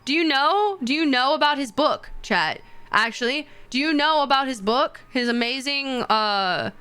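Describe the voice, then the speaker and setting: A young woman streamer chatting with her viewers, rambling and excitable, with many fillers and sudden high squeals. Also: moderate pace, clear, resonant tone. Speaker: VTuber streamer. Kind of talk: casual stream chat with viewers.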